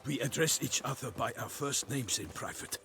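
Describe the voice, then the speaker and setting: An actor playing a formal, dutiful knight in a video game, speaking with courtly diction. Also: male voice, medium pitch, moderate pace, sharp tone, faint music behind.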